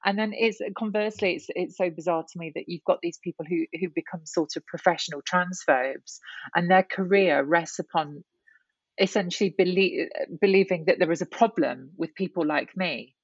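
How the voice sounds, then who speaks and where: A woman's voice: on the low side, normal speed, husky, no room sound, dull audio. A woman guest talking candidly in an interview, reflective and full of restarts and "you know"s. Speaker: guest, writer and columnist.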